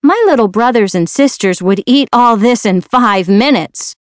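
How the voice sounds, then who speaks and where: A kind young maid with a Yorkshire accent chatters on warmly, as a woman puts her on. The storybook voice sits a little higher than the reader's own. It is heard close and dry, with no room around it. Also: expressive, moderate pace, no room sound, lightly acted. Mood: scolding.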